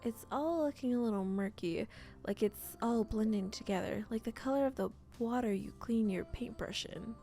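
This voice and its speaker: A woman's voice: a little high, normal speed, gravelly, dark tone, soft background music. A woman hosting a let's play, reading a cozy role-playing game's text aloud with playful asides. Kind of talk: let's play narration of a visual novel.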